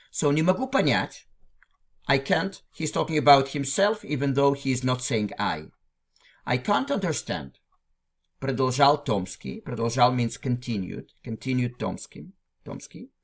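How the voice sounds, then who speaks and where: A male teacher talks through a classic text phrase by phrase at a middling pitch. His delivery is patient and unhurried. He circles back, repeats words and restarts sentences as he explains. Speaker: language teacher. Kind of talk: explaining a literary text line by line.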